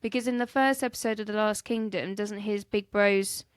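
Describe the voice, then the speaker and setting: A woman's voice: mid-range voice, steady tone, normal speed, smooth, no room sound, studio quality. A woman co-hosting a casual history podcast, joking, laughing and stumbling over names. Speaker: podcast co-host.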